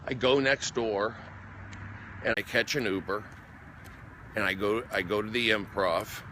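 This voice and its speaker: A man's voice: on the low side, fairly even intonation, unhurried. Brief: male comedian livestreaming from his phone, rambling and repeating himself, traffic noise behind. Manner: gets worked up and loud. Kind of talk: casual livestream storytelling.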